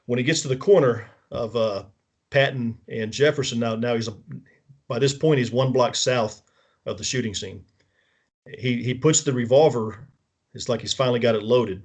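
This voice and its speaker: A man's voice: mid-range voice, a little mellow. A man with a middle-range voice talks through events piece by piece as a guest on a show. He often restarts his sentences and corrects himself, and he checks in with the listener as he goes. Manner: detailed step-by-step recounting, checks in with the listener; frequent restarts and self-corrections. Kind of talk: casual spoken walkthrough of events.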